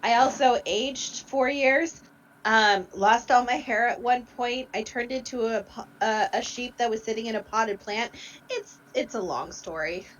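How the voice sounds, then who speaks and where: A woman playing a tabletop game on a voice call, telling her story in a giggly, quick way. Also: on the high side, a bit bright, low-quality recording. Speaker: player. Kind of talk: casual tabletop game chat.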